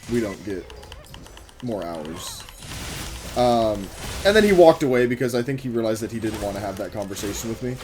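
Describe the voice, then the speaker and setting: A man casually telling a story about his job while playing a game, rambling, swearing and making quick asides to the game, and getting over a cough. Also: on the low side, lively intonation, darkish tone. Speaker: gaming vlogger telling a work story. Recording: music playing under the voice. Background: music.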